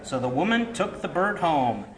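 A man's voice: fairly high pitch, very animated, normal speed, rough recording. Agreeable man co-host. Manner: agreeable, brief remarks. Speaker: podcast co-host and narrator. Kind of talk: casual chat.

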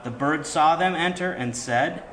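A man with a slightly high voice co-hosts the chat, agreeing readily in short remarks. He also narrates a joke in a plain reading voice. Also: a little slow, a bit bright, a little hiss or hum, rough recording. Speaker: podcast co-host and narrator. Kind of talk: casual chat.

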